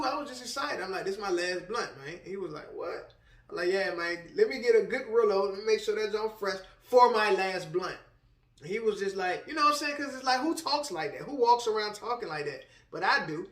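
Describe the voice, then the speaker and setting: A man's voice: sits high, fairly bright tone. A man from Richmond, a minister and motivational speaker telling his testimony in slangy, conversational talk. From Richmond, Virginia. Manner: slangy, conversational, many "you know what I'm saying". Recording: roomy, somewhat distant mic.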